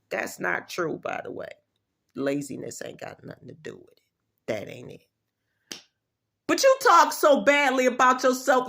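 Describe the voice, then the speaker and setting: A woman's voice: high voice, bright, forceful tone. A woman vlogger giving an emphatic, repetitive motivational talk in blunt, slangy everyday speech. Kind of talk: motivational pep talk to camera.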